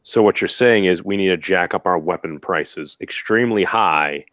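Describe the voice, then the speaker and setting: A man's voice: low voice, moderate pace, fairly bright tone, dry recording, clean studio sound. A man on a casual political talk stream, speaking in a wry, hesitant way.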